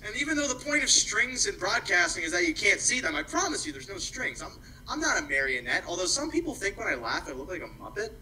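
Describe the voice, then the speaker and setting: Male host, very bright voice, slightly high, jokey and rambling, calls races too. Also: slight background noise, low-quality recording. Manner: jokey, rambling, laughs at himself. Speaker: host and race caller. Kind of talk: casual chat and harness race calling.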